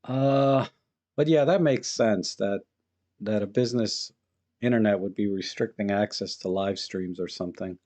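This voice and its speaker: A man hosting a live photo-editing stream, thinking aloud in a relaxed, chatty way as he works and greets viewers in the chat. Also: fairly low pitch, moderate pace.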